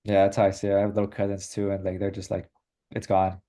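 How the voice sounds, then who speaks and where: A young adult man interviewing for an oral history project, asking questions and agreeing in a relaxed way. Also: sits low, fast talker.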